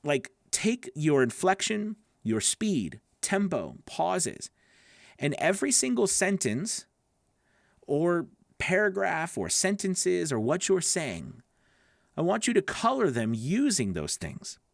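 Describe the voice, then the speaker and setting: A man coaching voice actors, explaining in an animated way with a wide-ranging pitch, speeding up and getting louder to make a point. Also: slow, vocal fry, no echo, clean studio sound. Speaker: voice acting coach. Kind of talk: instructional talk to camera.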